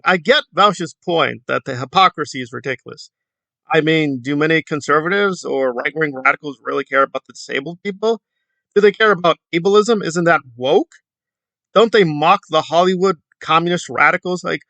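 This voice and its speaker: A man's voice: on the high side, gravelly, sharp tone, no echo. A man giving casual, rambling commentary, hesitating often with fillers. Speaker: commentary YouTuber.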